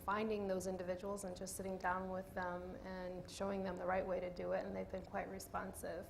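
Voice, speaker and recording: A woman, an IT executive on a panel, calmly and matter-of-factly reporting what has worked for her team. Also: mid-range voice, creaky, a little hiss or hum. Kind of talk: panel discussion answer.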